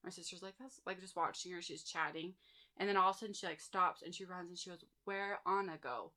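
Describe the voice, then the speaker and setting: A woman in her thirties talks through personal stories in a relaxed chat. Her voice sits a little low but carries a bright, forward tone. She fills her sentences with "like" and "um.". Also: fast. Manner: chatty, lots of fillers and "like". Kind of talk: casual storytelling chat.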